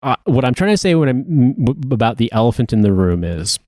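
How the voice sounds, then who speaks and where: A man co-hosting a podcast in casual chat, animated and profane, often breaking into laughter. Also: mid-range voice, a little fast, no room sound, studio quality. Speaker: podcast co-host.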